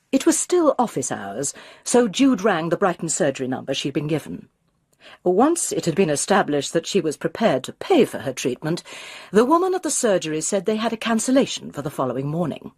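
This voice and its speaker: A woman reading a mystery novel aloud in measured, expressive narration, close to the mic. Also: on the low side, breathy edge, dry recording. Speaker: audiobook reader.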